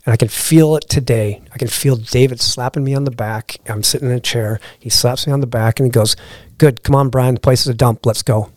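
The lodge owner talks a little fast, with hardly any pauses, in a mid-range voice recorded without echo. As a podcast guest he tells a long, casual anecdote, animatedly acting out what everyone said.

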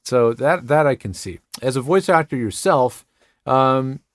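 A man's voice: mid-range voice, lively intonation, a little slow, no room sound. Enthusiastic audio-engineer man explaining gear. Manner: enthusiastic, explanatory, self-deprecating. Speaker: podcast co-host and audio engineer. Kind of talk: casual tech chat.

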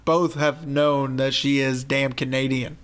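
A man co-hosting a casual movie review podcast, throwing in dry wisecracks and quick corrections. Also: medium pitch, level tone, a bit bright, clean tone. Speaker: podcast co-host.

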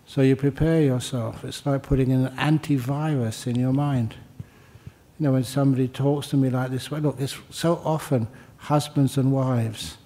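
Older male monk, dharma talk, mellow dark tone, relaxed and joking, repeats lines for emphasis. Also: mid-range voice, moderate pace. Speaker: Buddhist monk teacher. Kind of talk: dharma talk answering questions.

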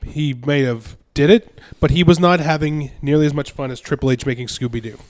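A man chatting casually on a podcast, his voice sitting a little high. He drops wry, deadpan quips about a movie. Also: fairly quick, no room sound. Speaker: podcast co-host. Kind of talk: casual movie-review chat.

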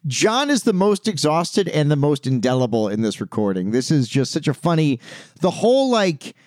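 A man's voice: on the high side, very animated, moderate pace, darkish tone, dry recording, clean studio sound. A man co-hosting a casual music podcast, joking and laughing often as he talks. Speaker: podcast co-host. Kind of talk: casual chat.

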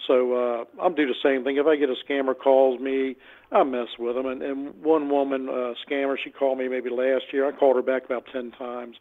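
This caller has a level, mid-range voice and talks fairly quickly. Phoning in to a radio show, he spins meandering tales about scam calls, plays both parts himself and says things twice, all over a thin, tinny line.

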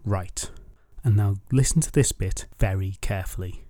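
A cool, sharp-tongued noblewoman, voiced by a male storyteller gives brisk, scolding orders. Her patience is thin and her plans are firm. The sound is dry and close, with no room around it. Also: low-pitched, dry recording, voice pushed down, lightly acted. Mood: exasperated.

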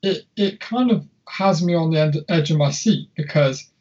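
Young male co-host, husky and slightly high-voiced, loose and sweary, on a dull lo-fi recording. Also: moderate pace, darkish tone. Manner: rambling, swears a lot, many restarts. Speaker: podcast co-host. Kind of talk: casual film chat.

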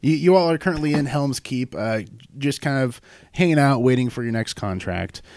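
A man's voice: mid-range voice, expressive, a little mellow, dry recording. A man running a tabletop game, narrating contracts and scenes in a mid-range voice. He stops and starts with fillers and laughs readily at his players. The sound is close and dry. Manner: halting with fillers, laughing often. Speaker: game master.

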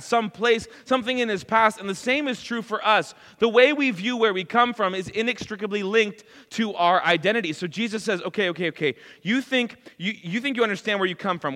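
Animated man preaching a sermon. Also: high-pitched, in a large hall. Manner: animated, acts out dialogue.

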